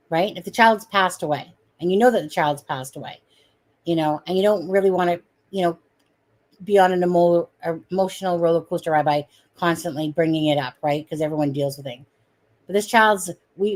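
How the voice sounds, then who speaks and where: A woman on a live stream giving blunt, indignant commentary, swearing freely as she picks apart a case. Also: on the low side. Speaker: guest commentator.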